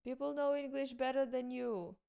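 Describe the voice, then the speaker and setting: A woman's voice: sits high, normal speed, creaky, smooth. A woman streaming, chatting casually with her viewers as she watches a travel video, laughing often. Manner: relaxed, laughing, talking to chat.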